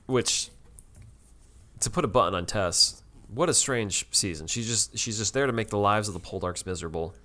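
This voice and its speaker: A man's voice: on the low side, normal speed, sharp tone. A man co-hosting a podcast, chatting casually and rambling through a TV episode review with many fillers and restarts. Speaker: podcast co-host.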